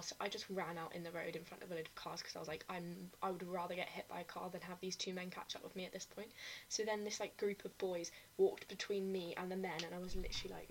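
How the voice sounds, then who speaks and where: A woman's voice: on the low side, slight background noise, poor audio. A young woman co-hosting a podcast, telling stories animatedly in casual chat and swearing often. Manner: animated storytelling, frequent swearing. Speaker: podcast co-host.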